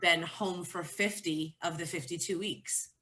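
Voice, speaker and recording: Candid woman with a lower, bright voice. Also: fairly even intonation, measured pace. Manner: candid, heartfelt storytelling. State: pregnant. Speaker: featured guest. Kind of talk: casual chat.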